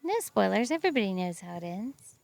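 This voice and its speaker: A woman co-hosting a casual podcast chat at night on a back porch, with a raspy, tired voice and a playful, teasing manner. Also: medium pitch, big pitch swings, brisk, a little mellow, dry recording. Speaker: podcast co-host.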